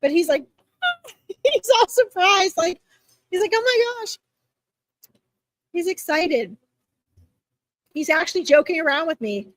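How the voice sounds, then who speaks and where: A woman with a high, light voice gives live readings to viewers in a chatty, reassuring way. She fills her pauses with "like" and "um". The sound is close and dry, with no room echo. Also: animated. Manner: chatty, warm reassurance, filler-heavy. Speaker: psychic reader answering viewers.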